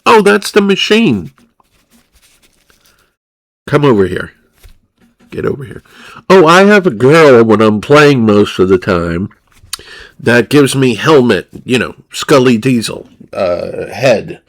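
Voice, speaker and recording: Male streamer, crude rambling chatter, slow and drawling, average pitch. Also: expressive. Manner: profane, rambling, laughs at himself. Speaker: livestreamer.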